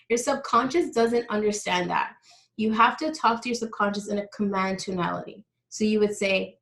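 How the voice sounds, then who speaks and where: A woman leads a live online workshop as a coach, explaining each step in a friendly, direct way. She speaks at an average pitch, addressing her audience through a video call microphone. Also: normal speed, fairly bright tone, low-quality recording. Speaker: money mindset coach.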